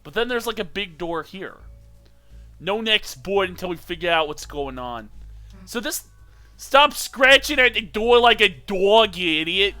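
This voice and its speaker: A man's voice: sits high, animated, a little slow, sharp tone, no room sound, soft background music. A man casually rambling through his game commentary, swearing when annoyed. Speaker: let's play host.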